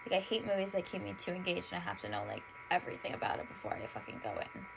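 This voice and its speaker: Her voice is lowish, sing-song and creaky, and she speaks rapid-fire over a noisy background. The young woman, tired, hosts a casual podcast on her own, rambling, cursing without restraint, saying "like" almost constantly, and gushing with self-admitted drama.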